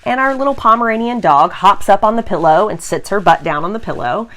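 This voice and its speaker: Laughing, animated woman storyteller. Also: mid-range voice, brisk. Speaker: podcast co-host. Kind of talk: casual storytelling chat.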